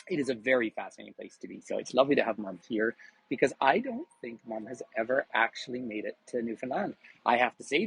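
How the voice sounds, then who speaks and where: A man's voice: medium pitch, fairly bright tone, breathy edge, low-quality recording. A middle-aged Canadian man hosting a live virtual walking tour outdoors, chatty and upbeat as he greets viewers by name. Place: outdoors on a hill above a harbour city.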